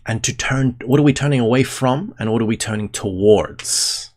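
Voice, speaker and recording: A man's voice: mid-range voice, normal speed, a little mellow. Man rambling through a livestream reading. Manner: rambling, jokey asides between read passages. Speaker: livestream host reading aloud. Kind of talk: casual livestream reading and commentary. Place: home room, window half open.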